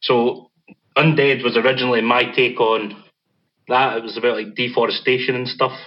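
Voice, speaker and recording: A husky-voiced Scottish man, a band's singer, talks through a relaxed interview with easy pauses and fillers. His voice comes through a dull, lo-fi line. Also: mid-range voice. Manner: relaxed, self-deprecating, hesitant fillers. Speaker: band vocalist. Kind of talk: casual interview chat.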